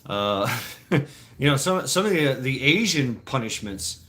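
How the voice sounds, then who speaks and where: A man's voice: medium pitch, big pitch swings, unhurried, fairly bright tone. A man telling childhood stories casually to a live chat, laughing often and swearing freely. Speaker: streamer.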